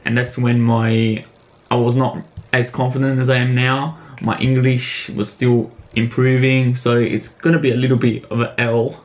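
A man's voice: mid-range voice, level tone, normal speed, dull audio. A young man casually reacting to a video about himself, laid-back and amused, with slangy chat.

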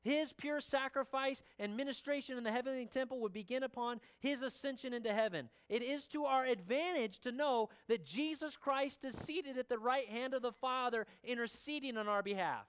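A pastor preaching a sermon in a church, slow and emphatic, dropping the voice low at the ends of phrases and asking the congregation direct questions. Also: fairly bright tone, clear, resonant tone.

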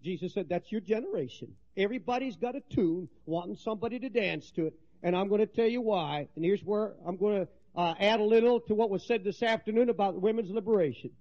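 A high-pitched man preaching with fervor, dropping low and then rising to shouts. The sound is dull and lo-fi, like an old 1970s sermon tape. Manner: impassioned, swings between hushed and shouting.

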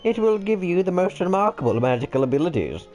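A British man voicing a wise old male kettle who gives slow, fatherly instructions in a cartoon game's story. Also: high voice, very animated, a little mellow, voice pushed up. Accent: British English.

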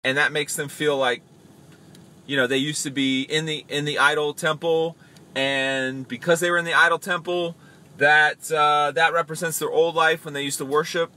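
A man hosting a casual podcast about faith, chatting loosely, acting out quick voices and reading comments aloud. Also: fairly high pitch. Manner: animated, acts out voices, reads comments aloud. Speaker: podcast host.

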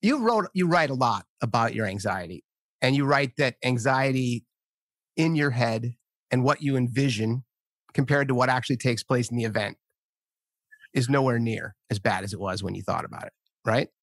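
A man's voice: mid-range voice, expressive, moderate pace, dry recording. Podcast host guy, dry voice no room sound, lots of yeahs and laughs. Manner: short affirming interjections and easy laughter. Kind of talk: interview podcast chat.

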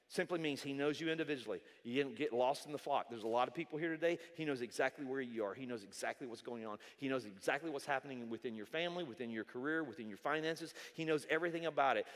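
A pastor giving a sermon in a casual, conversational way, repeating himself and slipping in jokes. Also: male voice, medium pitch, quick pace. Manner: conversational preaching with repetitions and jokes. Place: large church hall. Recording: hall reverb.

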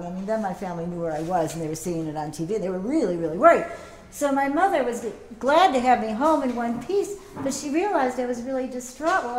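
A middle-aged woman giving a teach-in as an activist, telling lively anecdotes and acting out the voices of people she quotes. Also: fairly high pitch. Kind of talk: public talk with storytelling. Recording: echoey room, faint background noise.

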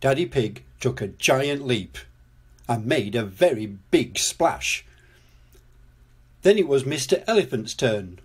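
An older man narrating a children's storybook read-aloud in a gentle, unhurried manner. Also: medium pitch, expressive, husky.

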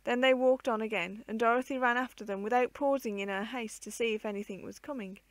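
A woman reading an old children's book aloud in a measured, expressive way. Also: fairly high pitch, no room sound. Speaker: storyteller.

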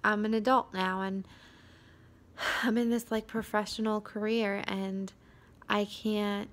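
A young woman vlogging in a quiet, hesitant way, tired and drained, with many fillers and sudden drops into a whisper. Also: medium pitch, flat delivery, slow pace. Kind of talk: confessional vlog.

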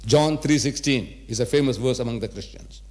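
A man's voice: medium pitch, normal speed, darkish tone. Old guy in his 70s giving a religious talk to a crowd, hammers points by repeating them, keeps asking the audience stuff. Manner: emphatic, repeats phrases, rhetorical questions to audience. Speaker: lecturer. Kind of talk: religious lecture to a live audience.

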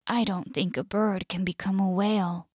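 A woman's voice: mid-range voice, fairly even intonation, normal speed, a little mellow, breathy edge, no echo, studio quality, close to an everyday voice. A woman with an American accent voicing a loving male bird in a storybook, eager and childlike. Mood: tender. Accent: US English.

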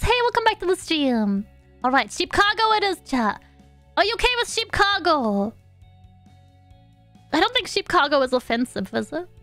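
A woman's voice: high voice, fairly bright tone, no echo. A young woman streaming a life-sim game, chatting playfully with her chat, giggling and babbling along to the game's sounds. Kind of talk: casual live-stream gameplay chat.

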